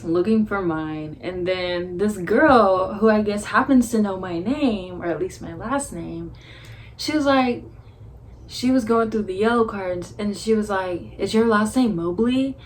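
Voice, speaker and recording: A teenage girl tells a story in a casual vlog, chatty and blunt and quick to swear. Her voice sits at a middle pitch for a woman. A faint background hiss stays under her talk. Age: teens. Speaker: vlogger.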